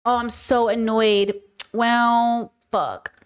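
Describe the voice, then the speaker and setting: A woman's voice: fairly high pitch, little pitch movement, very slow, clear, resonant tone. A woman hosting a casual livestream, ranting bluntly with frequent swearing and answering questions from chat. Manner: blunt, swears, rants heatedly. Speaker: streamer and podcast host.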